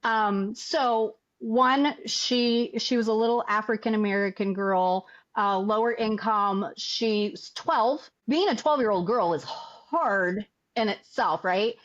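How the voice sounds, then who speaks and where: Animated woman telling a story, lo-fi. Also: mid-range voice, slow pace. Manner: animated, acts out quoted dialogue. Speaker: podcast guest, artist. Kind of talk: casual interview storytelling. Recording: dull lo-fi audio.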